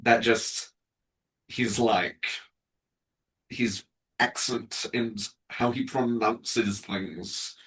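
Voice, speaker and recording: A man hosting a casual chat, speaking in a measured, thoughtful way. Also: medium pitch, fairly even intonation, a bit bright, poor audio.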